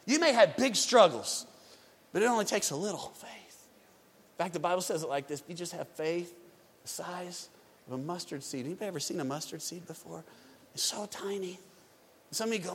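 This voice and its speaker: A man preaching a sermon as pastor, swinging between loud urgent lines and quiet hushed ones. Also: high-pitched, brisk, long pauses, big-room sound, a little hiss or hum.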